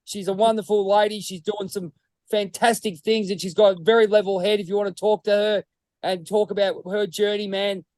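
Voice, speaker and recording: A high-pitched Australian man chats on a podcast in a loose, rambling way, dropping "mate" into almost every line and swearing easily. His voice sounds dry and close, with almost no room around it. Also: flat delivery, brisk, darkish tone, no echo. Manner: rambling, says "mate" constantly, swears freely. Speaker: podcast co-host. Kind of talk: casual podcast chat.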